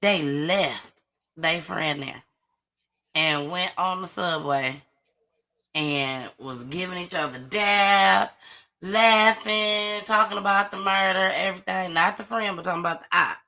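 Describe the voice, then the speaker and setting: A woman hosting a casual live-stream gossip show, chatty and animated as she greets viewers. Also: fairly low pitch, measured pace. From Atlanta area. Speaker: host of a live online gossip and news show.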